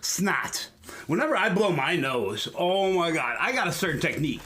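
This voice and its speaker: Lively older man, crude deadpan humor. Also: fairly high pitch, normal speed, noisy background. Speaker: podcast co-host. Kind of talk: casual banter.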